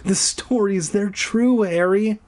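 A man's voice: high voice, slow pace, pitched above the performer's own voice. Mournful ghost girl, read by a man. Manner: soft, sighing, mournful delivery. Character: sad ghost girl from a camp story.

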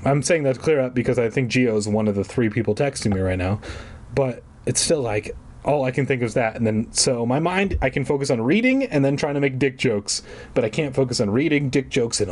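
A man's voice: mid-range voice, expressive, brisk. Man reading a story with crude asides. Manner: irreverent, swearing, joking asides. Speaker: reader of a children's book with jokes. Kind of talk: comedic book reading with asides.

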